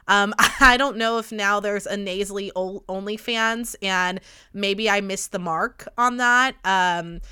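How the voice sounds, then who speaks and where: A woman's voice: medium pitch, unhurried, sharp tone, clean tone. A woman in her late twenties hosting a podcast in casual chat, gossipy, rambling and swearing freely, her voice stuffy and nasal from a cold. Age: late 20s. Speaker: podcast host.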